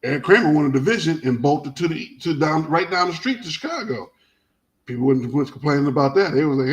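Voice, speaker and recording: A man's voice: on the high side, a little fast, low-quality recording. Rambling man hosting sports talk. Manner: rambling, animated storytelling with many restarts. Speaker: sports talk show host. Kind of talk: casual sports chat.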